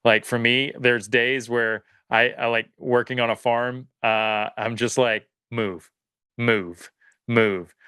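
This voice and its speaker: A man's voice: mid-range voice, level tone, measured pace, few pauses, sharp tone, clean tone, no echo. A man speaking as a podcast guest, earnest and reflective, often circling back and restarting his thoughts. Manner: earnest, searching, lots of fillers and restarts. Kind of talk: casual reflective conversation.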